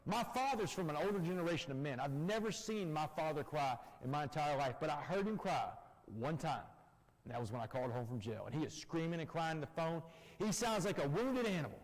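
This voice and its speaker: Emphatic man with a lively voice. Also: a little high, fairly quick. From Texas. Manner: emphatic storyteller, addresses audience directly. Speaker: guest speaker. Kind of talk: personal testimony talk. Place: church hall. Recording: long church-hall reverb.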